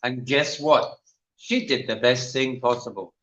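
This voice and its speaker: A man's voice: medium pitch, unhurried, a bit bright, reverberant, highs cut off. An older man with an English accent, telling rambling stories as a guest on a livestream panel chat. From England. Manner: chatty, rambling storyteller.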